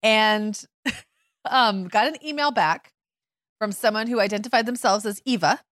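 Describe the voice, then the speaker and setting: A woman co-hosting a podcast in casual chat, telling stories in an animated way and laughing often. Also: mid-range voice, a little slow, dry recording, studio quality. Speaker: podcast co-host.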